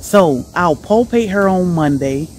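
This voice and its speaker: Chatty, animated homesteading woman. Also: on the low side, unhurried, a little hiss or hum. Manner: chatty, animated, laughs often. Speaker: homestead vlogger. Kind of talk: casual chat to viewers.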